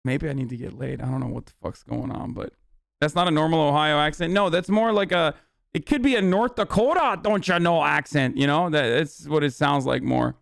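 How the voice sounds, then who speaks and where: A male streamer rambles through a reaction video, cracking profane jokes in casual chat. His voice is smooth and fairly high for a man. The sound is close and dry. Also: fairly quick, no echo. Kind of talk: casual livestream commentary.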